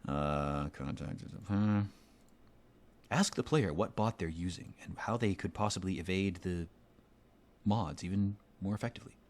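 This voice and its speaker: A let's play commentator talks over a video game in a low, unhurried voice. His casual gameplay commentary rambles and is profane and sardonic.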